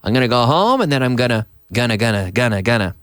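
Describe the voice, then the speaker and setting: A man, a native English speaker, teaching an English lesson live and reading viewer messages aloud with animated energy. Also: mid-range voice, fast talker, clear, resonant tone, no room sound, studio quality. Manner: lively, animated, reads viewer comments aloud. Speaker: English teacher and radio host.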